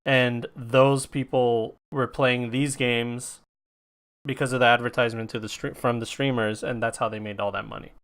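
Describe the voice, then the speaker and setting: A man's voice: mid-range voice, flat delivery, normal speed, fairly bright tone, clean tone. A young man co-hosting a video game podcast, laid-back and swearing freely in casual chat. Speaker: podcast co-host.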